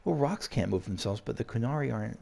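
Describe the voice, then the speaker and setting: Gravelly man narrating his gameplay. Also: medium pitch, expressive, fast talker, a little mellow. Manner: chatty, thinking aloud. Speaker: game streamer. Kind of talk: let's play commentary and story reading.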